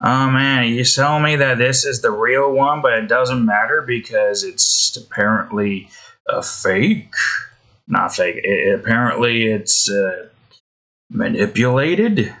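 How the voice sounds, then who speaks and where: Casting: a slow, bright-toned male game streamer, rambling and sweary, full of restarts. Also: mid-range voice. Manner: rambling, self-interrupting, swears often. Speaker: game content creator. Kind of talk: gameplay commentary. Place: indoors.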